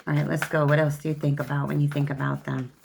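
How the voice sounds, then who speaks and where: A woman with a remarkably low, gravelly voice reads tarot cards for her viewers. She talks in a sassy, chatty way and calls the listener honey and child. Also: level tone, fast, a little mellow, a little hiss or hum. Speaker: tarot reader. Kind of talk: tarot card reading to camera.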